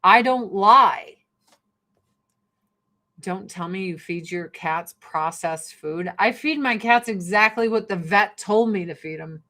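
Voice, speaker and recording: A woman's voice: medium pitch, slow, bright, forceful tone. A middle-aged woman chatting bluntly and profanely while doing her makeup on a livestream. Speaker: vlogger. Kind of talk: casual get-ready-with-me livestream chat.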